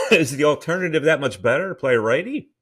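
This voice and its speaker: A man's voice: a little high, big pitch swings, fairly quick, fairly bright tone, breathy edge. A man hosting a sports talk podcast, rambling and opinionated, with frequent restarts.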